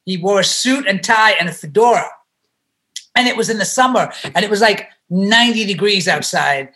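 A middle-aged actor guest tells an anecdote casually and with animation, laughing often and restarting his sentences. His high voice is bright and forward, at normal speed.

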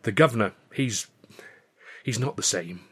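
A man reading the lines of a friendly, long-suffering old company manager in a storybook, brisk and chummy. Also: on the low side, expressive, breathy edge. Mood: weary. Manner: brisk and chummy, sighing at the boss.

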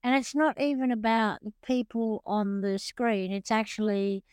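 A woman's voice: mid-range voice, moderate pace, a little mellow, clean tone, dry recording. A woman hosting a podcast interview, talking in a chatty, rambling and openly emotional way. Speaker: podcast host. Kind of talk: casual interview chat.

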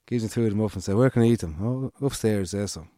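Talking very fast, a man from Ireland winds through a loose, swear-laced story in casual conversation, acting out the dialogue of those he quotes. The voice is fairly low, mellow, dry and close to the mic, with no echo.

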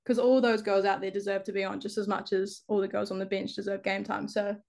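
A woman's voice: medium pitch, flat delivery, quick pace, vocal fry, darkish tone. A young woman with a New Zealand accent, a football player talking casually as a guest, laughing often and filling her talk with "like". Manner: laughs often, heavy use of "like". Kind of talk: casual interview chat.

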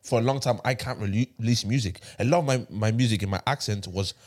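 A man in his twenties with an Irish accent, hosting a casual podcast chat, animated and repeating himself as he makes his point. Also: on the low side, fast. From Ireland. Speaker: podcast host.

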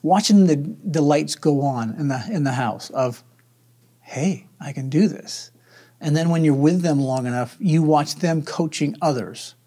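A man's voice: fairly high pitch, moderate pace, hardly any pauses, mellow. A man who is a veteran, telling his personal story in an interview in an earnest, upbeat way. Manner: earnest, upbeat, acts out his own inner voice.

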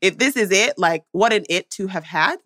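A woman's voice: medium pitch, lively intonation, normal speed, a bit bright, no echo, studio quality. A woman co-hosting a podcast, talking in a playful, emphatic and encouraging way. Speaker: podcast co-host. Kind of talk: casual podcast chat.

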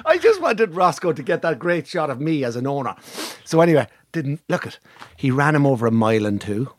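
An Irish man and racehorse owner telling an animated story in casual chat, swearing freely, laughing and acting out other people's voices. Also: on the high side, fairly quick, dry recording.

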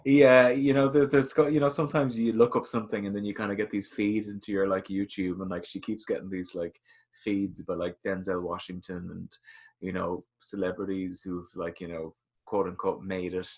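Brief: man, slightly low voice, jokey and chatty podcast host. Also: little pitch movement, moderate pace, a little mellow. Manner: jokey, chatty, addresses listeners. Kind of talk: casual chat.

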